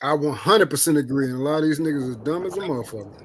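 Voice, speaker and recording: A man's voice: fairly high pitch, animated, racing, a loud crowd. A man in a podcast debate, combative and profane, talking over the others.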